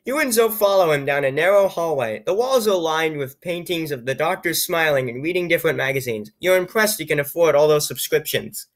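A man's voice: a little high, animated, a little fast, hardly any pauses. A man reading an AI-written story aloud and breaking off for wry, amused comic asides. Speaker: reader and commentator.

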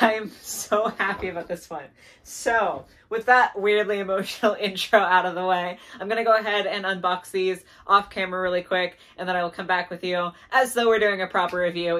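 A young woman chatting casually in a doll haul video, gushing and excitable, laughing often and saying "like" a lot. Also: fairly low pitch. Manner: gushing, excitable, giggly, lots of "like". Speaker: doll collector vlogger.

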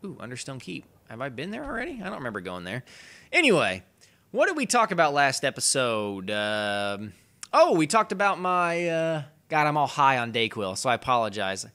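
Hoarse, rambling man narrating gameplay. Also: medium pitch, wildly swooping pitch, normal speed, bright, forceful tone. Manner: rambling, profane, laughs at himself. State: hoarse from a cold. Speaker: let's play host. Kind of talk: casual gameplay commentary.

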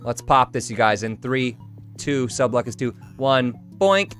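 A man streaming a video game live, joking and reacting excitedly as he chats with viewers. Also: medium pitch, measured pace, faint music behind. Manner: excitable, jokey, breaks into song snatches. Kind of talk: live gameplay commentary.

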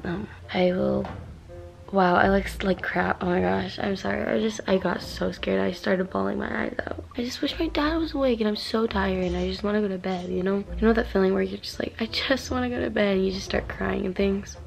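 Teen girl vlogger, anxious and chatty, medium pitch, some fry. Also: fairly even intonation, brisk. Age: teenager. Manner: anxious, rambling, many "like"s. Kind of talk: casual vlog to camera. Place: inside a small trailer. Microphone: handheld camera, close.

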